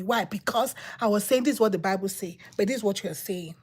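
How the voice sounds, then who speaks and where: A woman giving a personal testimony as a sermon, telling her story with repetition and dramatic pauses. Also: mid-range voice, darkish tone, slightly rough. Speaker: preacher.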